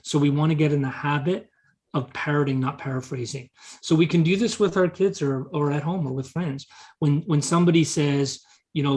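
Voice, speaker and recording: A man's voice: a little high, fairly even intonation, fairly quick, darkish tone. A man teaching a live real estate seminar, often repeating short words as he quotes example dialogue to the audience. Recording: meeting talk to an audience.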